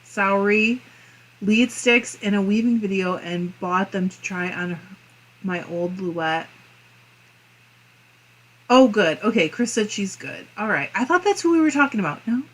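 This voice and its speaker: A woman's voice: medium pitch, lively intonation, unhurried, rough recording. Chatty Midwestern woman live-stream host. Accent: Midwestern American. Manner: chatty and friendly, muses aloud with small laughs. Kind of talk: casual live-stream chat, reading viewer comments aloud.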